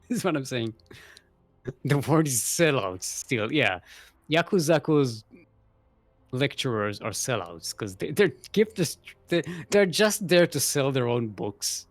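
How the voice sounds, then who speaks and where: A man's voice: medium pitch, big pitch swings, slow, no echo. A young man casually casting a live game tournament, chatty and rambling, laughing often and a bit out of breath. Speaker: esports caster.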